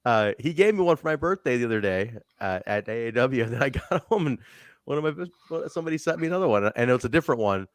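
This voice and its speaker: A man co-hosting a loose wrestling review podcast, swearing freely and acting out what people said. His pitch swings widely as he talks. The sound is dry and close. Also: fast, no echo. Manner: animated, swears freely, acts out quotes. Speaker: podcast co-host. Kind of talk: casual chat, wrestling show review.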